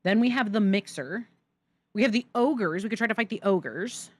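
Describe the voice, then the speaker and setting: A woman's voice: medium pitch, normal speed. Chatty young woman streaming a game. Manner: chatty, giggly, thanks chat excitedly. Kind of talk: live gameplay commentary.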